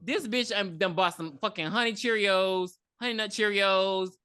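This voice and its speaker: A woman retells a movie scene by scene in casual podcast chat, swearing freely and jumping into the characters' lines. Her tone is bright and forward. The sound is dry and close. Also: medium pitch, normal speed, clean tone, dry recording. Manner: rambling, profane, with frequent ums and acted-out quotes. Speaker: podcast co-host.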